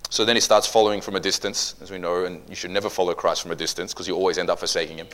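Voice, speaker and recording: A man preaching a sermon, telling stories with humor and swinging from loud outbursts to hushed asides. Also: lowish voice, very fast.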